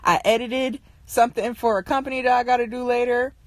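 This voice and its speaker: Talking briskly in a slightly high, steady voice, a young livestreamer rants through stories for her viewers, casual and exasperated, laughing frequently. The recording is dry.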